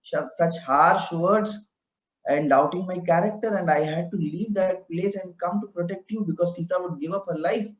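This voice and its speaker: A loyal, torn young prince, as a man puts him on. He pleads softly and respectfully, a little higher than plain talk. The recording is roomy and somewhat dull. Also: normal speed, natural voice. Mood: pleading.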